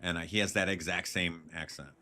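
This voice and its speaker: A man streaming a video game live, thinking out loud in a laid-back, jokey way. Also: deep voice, fairly even intonation, a little fast, slight background noise. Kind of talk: casual live gameplay commentary.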